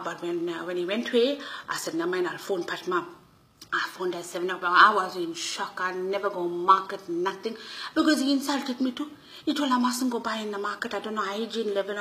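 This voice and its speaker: A woman with a Durban South African Indian English accent, telling a comic monologue as a nosy auntie. Her voice is bright and forward, full of gossipy indignation in broken English. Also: mid-range voice, rough recording. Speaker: comedic storyteller.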